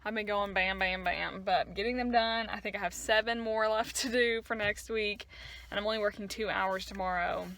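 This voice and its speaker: A woman's voice: mid-range voice, fairly even intonation, normal speed, a bit bright. A young woman in her twenties talking casually to a phone camera in a car, rambling and chatty with laughs between thoughts. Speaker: vlogger. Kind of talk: casual vlog chat. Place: in her car and walking outdoors. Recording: car and road noise behind. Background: car and traffic noise.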